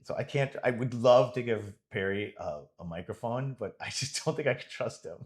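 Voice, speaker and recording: A man's voice: mid-range voice, normal speed, a little mellow. A man coaching and commentating a pool match live from his club, enthusiastic and rambling with many restarts.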